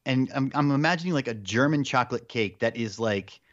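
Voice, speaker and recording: A man co-hosting a podcast in casual chat, chiming in with quick, playful jokes. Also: medium pitch, fairly bright tone, dry recording, dull audio. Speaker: podcast co-host.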